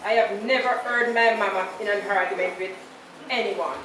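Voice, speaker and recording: A woman's voice: mid-range voice, steady tone, normal speed, a crowd in the background. A Jamaican woman in her fifties giving a funeral eulogy, telling stories and slipping into patois quotes. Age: 50s. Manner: anecdotal storytelling, slips into patois quotes. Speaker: eulogist, daughter of the deceased. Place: large church. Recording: echoey church, distant and noisy.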